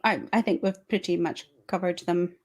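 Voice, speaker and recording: A woman's voice: on the low side, normal speed. A Scottish woman author, a guest on a video-call talk show, talking casually with dry teasing humour. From Scotland. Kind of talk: casual chat.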